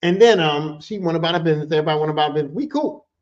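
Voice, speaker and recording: A man's voice: very fast, muffled recording. A podcast host telling a casual story in streetwise slang with heavy cursing, and his voice shoots up when he retells the heated parts. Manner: animated, jumps high when retelling heated moments.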